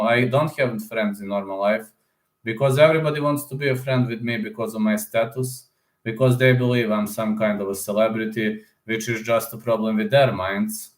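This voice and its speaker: Rambling man chatting in echoey room. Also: mid-range voice. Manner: rambling, informal, addresses listeners as "man". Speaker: YouTube channel host. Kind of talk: casual chat with viewers.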